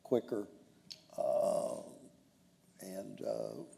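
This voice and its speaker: A man interviewing a judge on stage at a dinner, asking measured questions with a wry edge. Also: low-pitched, sing-song, gravelly, dark tone. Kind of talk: onstage interview at a dinner event. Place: hotel banquet room.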